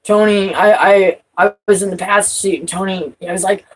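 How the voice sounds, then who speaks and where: Husky-voiced woman ranting profanely. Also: mid-range voice, steady tone, brisk, low-quality recording. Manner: profane, rambling, restarts, loud outbursts and trailing off. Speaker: vlogger. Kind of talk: rambling personal talk to camera.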